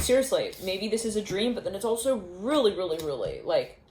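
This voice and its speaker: A woman's voice: medium pitch, big pitch swings, fairly quick, a little mellow, a little hiss or hum. Rambling woman tarot reader, roomy echo. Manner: rambling, intuitive, with frequent laughs and restarts. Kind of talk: casual tarot reading to camera.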